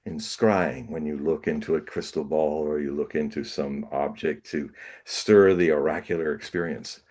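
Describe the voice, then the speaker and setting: A man, a guest on an interview show, telling a personal story with laughs, restarts and lively acted bits. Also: a bass voice, normal speed.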